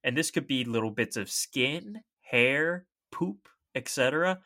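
A man's voice: mid-range voice, expressive, measured pace, bright, forceful tone. A young man co-hosting a podcast, explaining science facts in an easy, chatty way. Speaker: podcast co-host. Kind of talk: casual science podcast chat.

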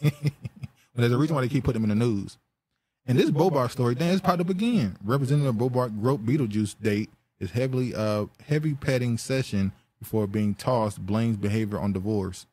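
A man's voice: mid-range voice, brisk, warm tone, dry recording. A man hosting a podcast in casual chat, rambling through news stories, joking and laughing often. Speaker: podcast host.

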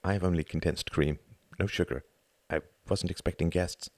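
A man reading an audiobook, voicing a tired, subdued grown son in a quiet way close to his own voice. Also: sits low, steady tone, moderate pace, no echo. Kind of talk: audiobook character voice.

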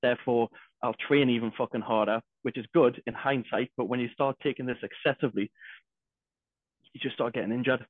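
A man's voice: mid-range voice, brisk, no room sound. Swearing man on a tinny line. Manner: heavy swearing, energetic, restarts. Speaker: podcast co-host. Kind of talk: casual podcast chat. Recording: dry tinny phone-like sound.

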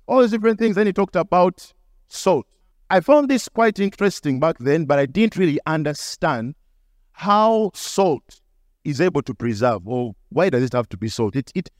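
A male pastor delivers a sermon with a fairly high voice. He teaches through stories and now and then acts out the people in them. The sound is dry and close, with hardly any room. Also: no room sound. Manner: storytelling preacher, acts out the people in his stories.

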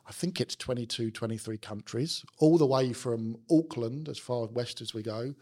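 A man's voice: medium pitch, moderate pace, a little mellow. A middle-aged man with a South London accent, talking casually as an interview guest, with plenty of fillers and restarts. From London, England. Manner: chatty, many fillers and restarts. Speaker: company managing director, interview guest.

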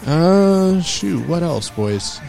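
A man's voice: a little high, very animated, extremely slow, vocal fry, dark tone, soft background music. A man co-hosting a casual podcast chat, upbeat and laying out what the show will cover. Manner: upbeat, lays out the show rundown. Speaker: podcast co-host.

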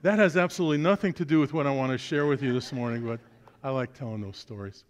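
A man's voice: mid-range voice, quick pace. A man from Brooklyn, preaching a sermon as a guest speaker. He is chatty and jokes with the congregation, talking to them directly. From Brooklyn, New York. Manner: chatty, joking, addresses the audience directly.

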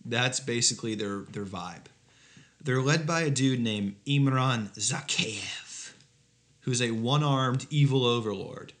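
A man's voice: mid-range voice, slow pace, a bit bright. Sarcastic man joking through a podcast. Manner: sarcastic, mock-outraged, profane. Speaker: podcast co-host. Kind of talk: comedic casual chat.

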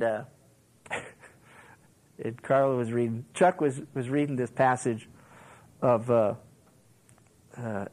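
A man's voice: medium pitch, poor audio. A male pastor giving a sermon on a Bible book. He talks conversationally, leans on "you know", and acts out quotes as he tells stories. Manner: animated storytelling, acts out quotes and laughs along.

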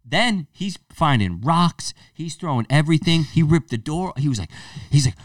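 Animated young man telling stories. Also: fairly high pitch, moderate pace, dry recording, clean studio sound, far from the mic. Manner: animated storyteller, swears freely, acts out quotes. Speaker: podcast co-host. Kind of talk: casual storytelling chat.

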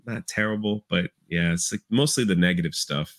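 A man speaking as a guest on a casual live stream, halting with many ums and likes, and laughing often. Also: deep voice.

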